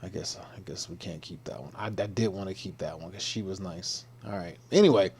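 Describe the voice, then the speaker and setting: A man's voice: sits low, a little fast, darkish tone, a little hiss or hum. A man hosting a casual livestream, joking in loose slang about gym clips, then giving a pep talk. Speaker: livestream host and fitness coach.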